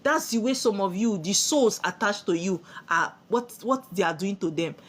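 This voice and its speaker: A woman's voice: mid-range voice, animated, moderate pace. A woman with a Nigerian accent giving a spiritual sermon, preachy and full of rhetorical questions she answers herself. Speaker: spiritual teacher.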